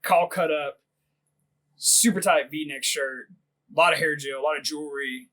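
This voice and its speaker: Male podcast host, slightly higher voice, rambling profane storyteller who laughs a lot. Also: fairly even intonation, moderate pace, fairly bright tone, rough recording. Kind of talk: casual storytelling chat.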